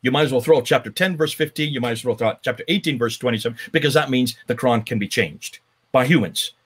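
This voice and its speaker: A man's voice: medium pitch, quick pace, slightly rough. A man giving an emphatic, conversational lecture as a guest speaker, with frequent restarts. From United States.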